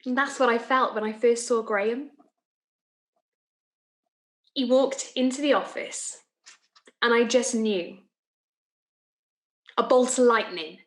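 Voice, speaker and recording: A woman's voice: a little high, takes it slowly, long pauses. An actress playing a lovestruck young office woman who chats and giggles through her confession, recorded in an echoey room. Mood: confiding. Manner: chatty, confiding, giggly asides. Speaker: actor in a monologue. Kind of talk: theatrical monologue.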